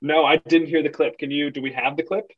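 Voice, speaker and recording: A man's voice: a little high, steady tone, brisk, muffled recording. A man co-hosting a casual podcast chat, chiming in with wry, teasing questions. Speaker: podcast co-host.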